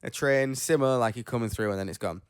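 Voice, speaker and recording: A podcast host with a medium-pitched, smooth voice talks fast in a clean studio recording with no room sound. Worn out after an illness, he rambles, pokes fun at himself, and reads news stories aloud while stumbling over names.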